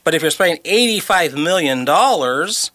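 Man co-host, bright and forceful tone, explanatory, dry close mic. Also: fairly high pitch, animated, normal speed, dry recording. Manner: explanatory, walks through figures from a book. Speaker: radio co-host. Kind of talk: casual radio chat.

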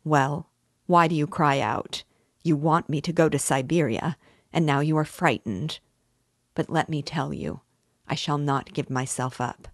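A bitter, defiant young man who broods over every word, low and unhurried. A woman reader gives him voice in her own even reading tone, close to a dry mic. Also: no room sound. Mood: grim insistent.

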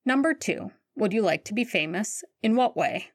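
A woman's voice: medium pitch, lively intonation, moderate pace, dry recording, close to an everyday voice. A woman reading a wry, bookish teenage wizard boy. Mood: dry. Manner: dry, teasing.

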